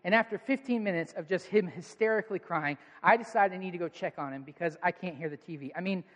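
Guy pastor preaching, kinda high voice, chatty and earnest, big echoey hall. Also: fast talker, a bit bright, dull audio. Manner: conversational, storytelling, earnest. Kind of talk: sermon with personal stories. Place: church auditorium with audience. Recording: long hall reverb.

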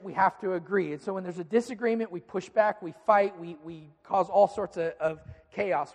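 A man's voice: high voice, darkish tone, long reverb tail. A man preaching a sermon as pastor, talking conversationally and acting out little dialogues.

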